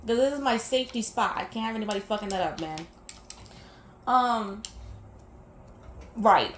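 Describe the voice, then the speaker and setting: Candid, rambling young woman vlogger. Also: high-pitched. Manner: candid, rambling, swears freely. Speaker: gaming vlogger. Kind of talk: casual gameplay chat mixed with personal venting. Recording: echoey room with faint background noise.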